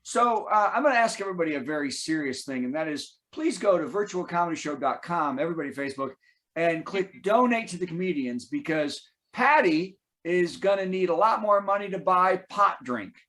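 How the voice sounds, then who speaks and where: Bright, lively man hosting a show. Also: high voice, a little fast. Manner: jokey, teasing. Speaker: host. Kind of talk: casual chat. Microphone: video call.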